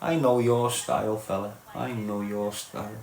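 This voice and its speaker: With a fairly low, darkish voice, level tone and moderate pace, this live-stream host from Liverpool, England speaks in a Scouse accent. He rants at his viewers bluntly and mockingly, swears, and ends lines with "lad" and "mate," all with a roomy echo.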